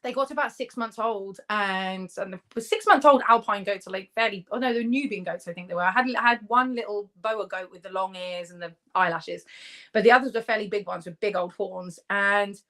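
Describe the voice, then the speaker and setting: A woman's voice: mid-range voice, a little fast, fairly bright tone. A woman from the UK, a guest in a casual interview, telling stories chattily and laughing as she goes. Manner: chatty, laughs mid-story.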